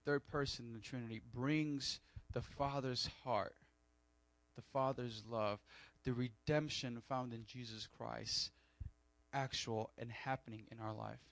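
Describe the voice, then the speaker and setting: A man preaching a sermon, animated with joking asides and loud emphatic peaks. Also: mid-range voice, gravelly, dry recording. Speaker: pastor.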